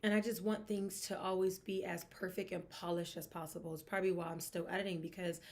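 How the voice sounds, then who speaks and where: A young woman hosting a sports podcast, talking in a chatty, expressive way with emphatic asides. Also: on the low side, quick pace, vocal fry. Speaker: podcast host. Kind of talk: casual sports gossip chat.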